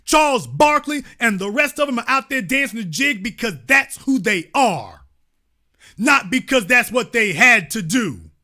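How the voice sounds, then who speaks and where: A man's voice: very high-pitched, animated, normal speed, bright, forceful tone. A man hosting a commentary show, reading an article aloud and reacting to it in a preachy, fired-up way.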